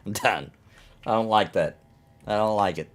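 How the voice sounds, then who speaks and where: A man's voice: lowish voice, measured pace. A man chatting casually on a live game stream, rambling and ranting as he reacts to his chat.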